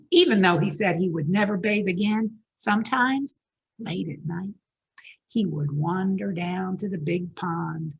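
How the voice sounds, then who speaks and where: A woman's voice: medium pitch, measured pace, vocal fry, slightly rough, dull audio. A woman librarian reading a picture book aloud at a children's story time, asking the kids questions as she goes. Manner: animated, asks the children questions.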